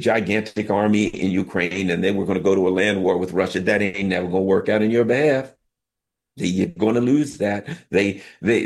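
A man's voice: low-pitched, vocal fry, a little mellow. A man from the United States delivering an emphatic, colloquial political monologue in short repetitive bursts. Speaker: political commentator.

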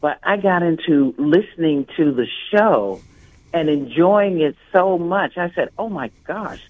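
A man's voice: on the high side, lively intonation, unhurried. A man calling in by phone to a radio pledge drive, speaking earnestly and emphatically and repeating his points. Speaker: radio show host calling in. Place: in the Dominican Republic. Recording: phone-line audio.

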